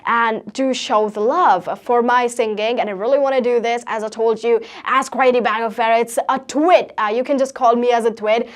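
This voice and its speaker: High-voiced Indian teenage girl. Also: moderate pace, few pauses. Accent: Indian English. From Haryana, India. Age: teens. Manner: energetic storytelling with rhetorical questions. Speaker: guest speaker. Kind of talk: motivational talk.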